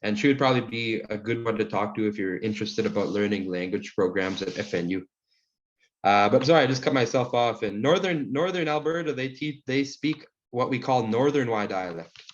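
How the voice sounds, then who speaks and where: A man teaching an online language class, answering questions in a relaxed, friendly way with many fillers. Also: fairly low pitch, a little fast. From Saskatchewan, Canada. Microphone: video call. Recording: muffled video call audio.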